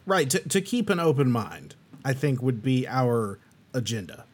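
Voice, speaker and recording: A man's voice: medium pitch, big pitch swings, normal speed. An American man co-hosting a podcast, chatting casually with emphatic opinions. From United States. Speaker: podcast co-host.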